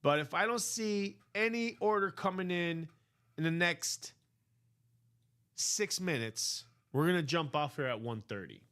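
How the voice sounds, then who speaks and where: A man's voice: on the high side, lively intonation, a bit bright, smooth. A man hosting a live card break stream, chatting casually and rambling with many fillers. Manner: rambling, slow, filler-heavy.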